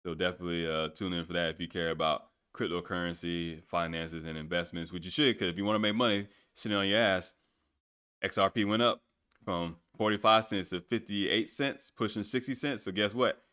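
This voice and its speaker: Deep-voiced rambling male podcast host. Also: fairly even intonation, fairly quick, sharp tone, smooth. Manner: rambling, casual, swears freely. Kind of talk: casual solo podcast monologue.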